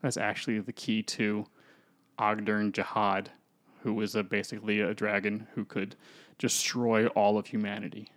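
A man's voice: fairly low pitch, little pitch movement, normal speed, fairly bright tone. Man, podcast co-host, loose rambling retelling of a movie, slips into character voices. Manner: rambling storyteller who acts out characters. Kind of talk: casual podcast plot recap.

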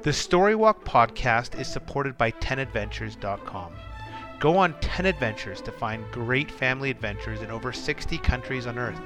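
A podcast host reading a sponsor message and introducing the story in an upbeat way. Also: male voice, mid-range voice, animated, normal speed. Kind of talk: sponsor read and show intro. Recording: music bed behind voice.

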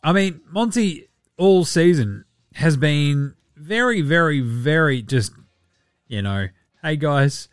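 A man hosting a casual sports podcast, joking and swearing as he runs through the news and now and then slips into quick mock voices for the people he talks about. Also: on the high side, sing-song, no echo, studio quality. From Australia. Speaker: podcast host.

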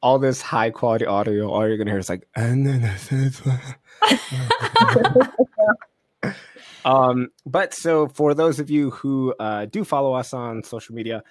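A relaxed man hosting a podcast with friends, chatting casually and laughing often. His speech is loose and full of "uh" and "like." The sound is dry and close on the mic. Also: medium pitch, normal speed, few pauses, no room sound. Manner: laid-back, laughing, lots of fillers. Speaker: podcast host. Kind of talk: casual chat.

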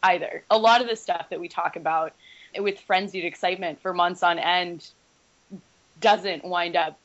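A woman's voice: fairly low pitch, steady tone, moderate pace, fairly bright tone. A woman on a games podcast panel, talking animatedly in casual discussion with frequent restarts. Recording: dull lo-fi podcast audio.

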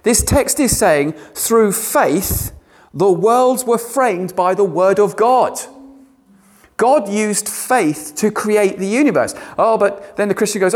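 A man preaching a sermon, animated and given to sarcastic asides. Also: high-pitched, a little slow.

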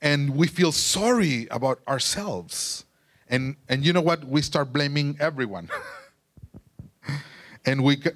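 Slow-talking preacher. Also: male voice, mid-range voice, fairly bright tone. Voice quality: halting, restarts phrases, searches for English words. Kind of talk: sermon.

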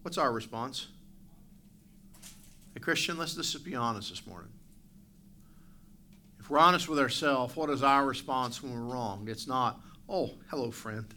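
Bright-voiced male pastor preaching. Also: medium pitch, moderate pace, long pauses, a little hiss or hum. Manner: animated preaching, acts out barking dog and asides to the congregation. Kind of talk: sermon. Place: church sanctuary.

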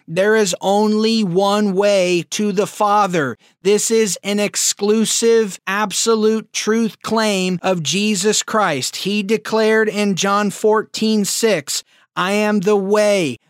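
A man preaching in a slow, deliberate cadence, pressing each phrase of scripture home. His voice sits high and comes across smooth and resonant. The recording is close and dry, with no room sound. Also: no room sound. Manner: slow, emphatic scripture reading. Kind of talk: sermon.

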